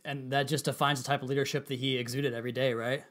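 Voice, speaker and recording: A man hosting a sports podcast, interviewing a guest and wrapping up the episode in a steady, earnest manner. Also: medium pitch, fast talker. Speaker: podcast host.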